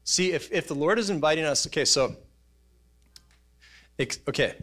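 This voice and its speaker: A man, preaching a sermon in a church, telling stories in an animated way and acting out voices and sounds. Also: a little high, normal speed. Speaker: pastor. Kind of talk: casual sermon storytelling. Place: church auditorium.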